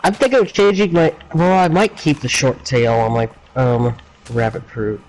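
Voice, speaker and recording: A man's voice: medium pitch, steady tone, moderate pace, darkish tone, poor audio. Teasing male stream guest. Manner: teasing, playful. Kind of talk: casual voice chat.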